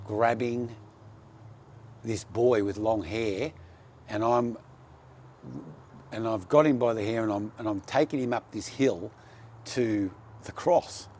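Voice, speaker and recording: A man's voice: lowish voice, a little mellow, slight background noise. A man giving a personal faith testimony, telling his story in an earnest, heartfelt way.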